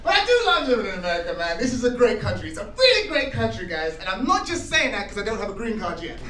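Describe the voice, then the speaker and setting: A man's voice: sits high, a little fast. An English man doing a playful stand-up set on a club stage, slipping into impressions. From England. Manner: lively, playful, slips into impressions. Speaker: stand-up comedian. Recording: echoey room from a distance with audience noise.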